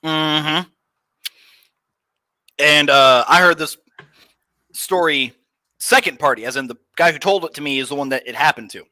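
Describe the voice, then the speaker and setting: A man's voice: on the high side, normal speed, pauses often, sharp tone, no room sound. A young man, a guest, telling profane stories in loose casual chat. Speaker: podcast guest.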